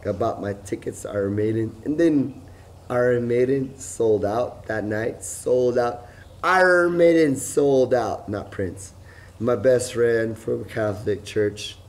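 Profane, rambling middle-aged man. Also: unhurried. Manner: profane, repetitive and excitable, swinging between loud outbursts and low mutters. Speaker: vlogger. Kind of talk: rambling personal monologue.

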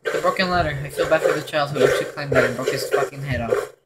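A man giving let's play commentary on a horror game, excitable and profane, with jumpy reactions. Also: fairly high pitch, fast, heavy background noise. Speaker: gameplay commentator.

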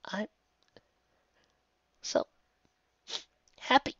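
A woman voicing a gentle, caring elder princess pony mare in a soft, soothing voice, recorded dull and lo-fi. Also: extremely slow, dry recording. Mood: tearful.

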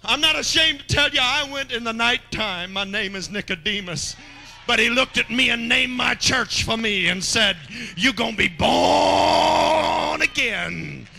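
A man's voice: very high voice, normal speed, bright, forceful tone, pitched above the performer's own voice, full character voice. A man voicing Nicodemus, an earnest teacher who was reborn, making an emphatic confession.

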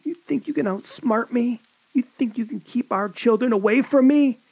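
A man's voice: extremely high pitch, animated, moderate pace, creaky, bright, forceful tone, breathy edge, pitched above the performer's own voice, full character voice. A man voicing an enraged, murderous husband who taunts and snarls. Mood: menacing snarl. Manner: snarling, menacing.

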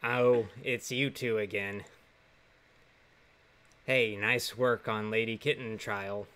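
A wisecracking jail guard with a blunt, mocking way of talking, voiced by a man. The voice is bright and forceful, close to an everyday tone. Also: on the low side, steady tone, slow pace, clear, resonant tone.

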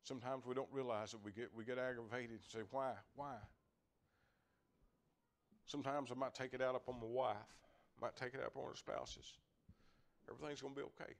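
Older lay preacher, folksy, repeats himself, chuckles mid-sermon, mid-pitched man. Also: fairly even intonation, fast talker.

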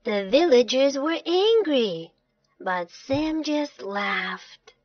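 A woman storyteller narrating a children's storybook in a slow, expressive way. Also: sits high, no echo. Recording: dull lo-fi dry recording.

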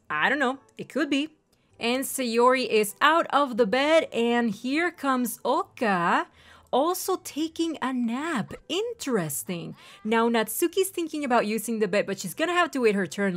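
A young woman hosting a gaming channel, giving excitable, gushing let's-play commentary and addressing viewers as ladies and gentlemen. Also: on the high side.

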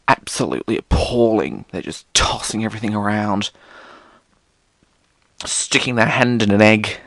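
A man's voice: fairly low pitch, sharp tone, no room sound. A British man hosting a solo podcast, rambling casually and theatrically, swearing often. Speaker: podcast host.

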